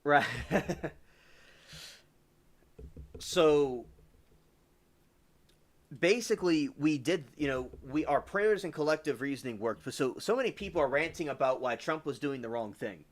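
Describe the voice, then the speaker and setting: A man's voice: fairly high pitch, expressive, unhurried, pauses often. A man hosting a casual livestream, rambling about the news and reading viewer comments aloud. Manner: rambling, reads chat aloud and answers viewers. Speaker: livestream host.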